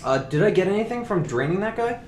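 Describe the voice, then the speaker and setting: A man's voice: sits high, very animated, fast. A man playing a tabletop role-playing game, chatting casually, laughing and reading rules aloud. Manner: giggly, reads rules aloud. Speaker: player.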